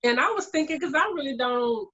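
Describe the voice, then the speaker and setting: A woman's voice: high voice, fairly quick, lo-fi sound. A woman in her forties, talking candidly and openly in a casual group chat. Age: 40s. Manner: candid, animated storyteller.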